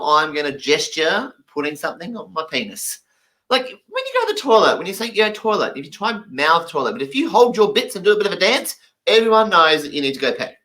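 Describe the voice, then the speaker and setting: Bright-voiced man telling jokes. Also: a little high. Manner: lively, emphatic, playful. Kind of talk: stand-up comedy storytelling.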